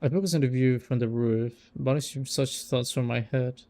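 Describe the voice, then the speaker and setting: A man's voice: medium pitch, fairly even intonation, moderate pace, warm tone. A young man reading a visual novel aloud as a let's play, rereading lines that trip him up and breaking off for casual remarks.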